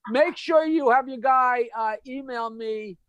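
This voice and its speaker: A man, a comedian guest, telling jokes in quick, punchy casual chat. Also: extremely high pitch, a bit bright, clean tone, dry recording. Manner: rapid, punchy storyteller, laughs at his own punchlines.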